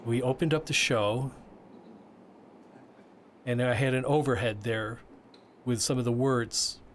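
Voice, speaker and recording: A man voicing a signer's interview answers as interpreter, halting with frequent restarts and repeated words. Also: mid-range voice, fairly even intonation, a little hiss or hum.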